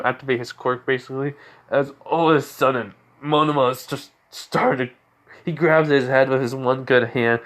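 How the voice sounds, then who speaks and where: A man's voice: mid-range voice, a bit bright. A man casually retelling a fan story, rambling with constant fillers.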